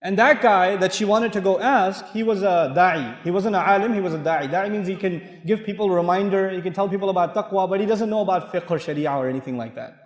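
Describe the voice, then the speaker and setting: A man with a high, lively voice delivers a sermon to an audience, often laughing and acting out the voices in his stories. His voice echoes through a large reverberant hall. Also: quick pace, few pauses. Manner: animated, swings between loud and hushed, laughs often; acts out dialogue in his stories. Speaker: Islamic speaker.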